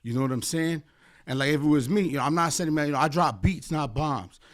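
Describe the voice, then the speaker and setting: A man's voice: fairly high pitch, brisk. An American man, a guest attorney on a podcast, talking in an impassioned, rambling, heavily profane way, with many fillers. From United States. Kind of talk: impassioned casual podcast chat.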